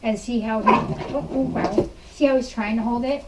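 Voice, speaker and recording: A woman's voice: fairly high pitch, fairly even intonation, moderate pace, far from the mic, heavy background noise. A woman dog trainer explaining puppy care to a client in a patient, explanatory way, often cooing praise at the dog. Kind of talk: hands-on training lesson.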